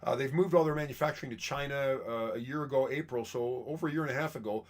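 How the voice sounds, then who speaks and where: A man's voice: medium pitch, fast talker. A middle-aged man from Canada, a chiropractor and massage chair dealer, rambling chattily in a casual monologue full of fillers.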